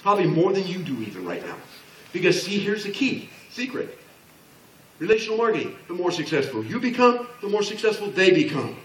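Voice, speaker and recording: High-pitched and fairly quick, with big swings in pitch, a man in his sixties delivers a joking, no-nonsense motivational talk on business. He acts out the voices he quotes for an audience in a large hall, and the recording picks up echo since he stands far from the mic.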